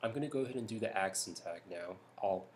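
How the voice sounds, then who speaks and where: A young man from California talking softly in a hushed voice at home at night for a vlog, rambling with lots of ums and restarts. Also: on the low side, lively intonation, fast talker, a little hiss or hum. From California, United States. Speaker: YouTuber. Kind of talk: soft-spoken vlog talk.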